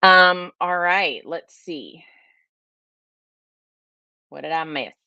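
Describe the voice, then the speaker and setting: A woman's voice: lowish voice, drawn-out words, pushed and bright, clean tone, dry recording. A woman from California with a Californian accent and a slightly nasal voice, rambling casually as she hosts a livestream and answers viewer questions, saying "like" a lot. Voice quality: a little nasal. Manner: rambling, chatty, says "like" a lot. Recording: dull, lo-fi, dry sound.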